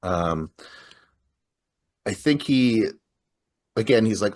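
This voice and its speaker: A man's voice: sits low, measured pace, long pauses. A man casually recapping a horror film, acting out characters' lines, swearing and laughing often. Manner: animated, acts out characters' lines mid-retelling. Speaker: podcast co-host. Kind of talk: casual movie recap chat.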